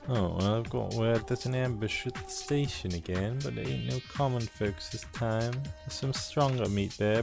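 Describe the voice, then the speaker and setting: A man's voice: lowish voice, vocal fry. A man voicing a gossipy, sly male townsman with a mock British accent and slangy, folksy talk. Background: game music.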